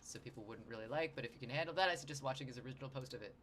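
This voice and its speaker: A man's voice: medium pitch, racing, a bit bright, slight background noise. A man streaming his drawing session, rambling and joking with his chat. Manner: rambling, jokey, talks to chat. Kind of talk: casual livestream chat while sketching.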